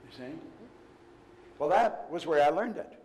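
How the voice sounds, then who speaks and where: An older man delivers a motivational seminar talk. He speaks emphatically, telling stories and retelling dialogue. His voice sits slightly high and rings out with a long hall reverb. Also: animated, measured pace, darkish tone. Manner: emphatic, storytelling with retold dialogue. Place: large room before a live audience.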